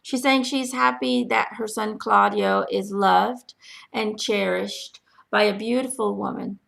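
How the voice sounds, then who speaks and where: Gravelly-voiced woman giving a spiritual reading. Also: medium pitch, steady tone. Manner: gentle, halting, many ums, pauses to listen. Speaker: spiritual medium answering follower questions. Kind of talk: channeling reading, casual spoken.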